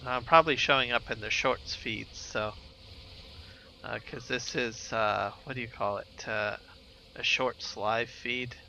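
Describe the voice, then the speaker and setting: A man's voice: medium pitch, steady tone, measured pace, vocal fry, pushed and bright, highs cut off, a little hiss or hum. A man streaming a game live, chatting with viewers in a laid-back, rambling way while he plays. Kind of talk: casual live gameplay commentary.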